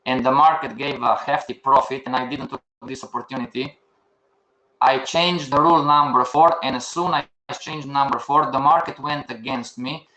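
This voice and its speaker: A man's voice: medium pitch, steady tone, normal speed, pushed and bright. An older man teaching a live online class, firing questions at the students and answering them himself. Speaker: trading instructor. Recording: echoey room.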